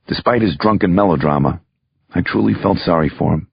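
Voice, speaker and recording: Very deep gravelly male narrator. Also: brisk, no room sound, lo-fi sound. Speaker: audiobook narrator. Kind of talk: scripted first-person narration.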